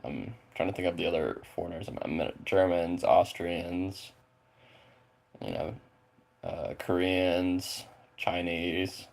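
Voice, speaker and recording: Deep gravelly-voiced rambling man. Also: steady tone, slow, darkish tone. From Spokane, Washington, USA. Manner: rambling, filler-heavy, swears casually. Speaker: streamer chatting with viewers. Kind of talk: casual chat.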